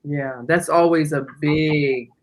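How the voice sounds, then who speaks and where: A talk show host with a voice of middle pitch speaks slowly and evenly. The host listens closely and mostly offers short replies, then adds thoughts in an unhurried way. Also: fairly even intonation. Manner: slow, attentive listener, many short replies. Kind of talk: casual radio talk.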